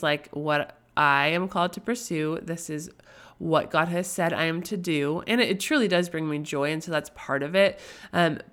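Her voice sits on the low side with a fairly bright tone. She's a young woman running a relaxed faith-based podcast, talkative and prone to tangents, often checking in with "right?" while a lingering cold makes her sound nasal and tired.

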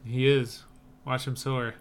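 A man's voice: mid-range voice, level tone, takes it slowly, clear, resonant tone. A man co-hosting a podcast, chatting casually and giving opinions on movie trailers with frequent fillers. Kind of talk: casual chat.

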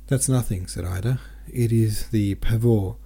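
Male audiobook reader, low gravelly voice, dark tone, gentle and steady. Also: a little slow. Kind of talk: novel read aloud.

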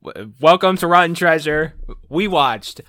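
A man hosting a comedy podcast, joking and halting with fillers. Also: a little high, animated, a bit bright, no echo, studio quality. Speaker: podcast host. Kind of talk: casual podcast banter.

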